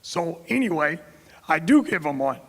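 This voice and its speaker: A man's voice: fairly high pitch, very animated, normal speed. A middle-aged man from Florida giving a keynote speech, telling anecdotes and acting out the dialogue of the people in them. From Tampa, Florida. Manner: anecdotal, quotes others in dialogue. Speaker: keynote speaker. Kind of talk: storytelling speech. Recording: reverberant hall.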